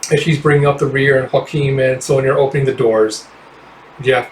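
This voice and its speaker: A man narrating a comic readthrough, excitable and reacting aloud with swearing as he goes. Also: medium pitch, fairly quick. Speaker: reader. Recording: roomy, distant mic, faint hiss.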